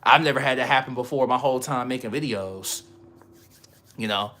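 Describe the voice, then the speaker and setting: A man's voice: medium pitch, fairly quick, sharp tone. A man chatting casually on a livestream, rambling in slang and laughing often.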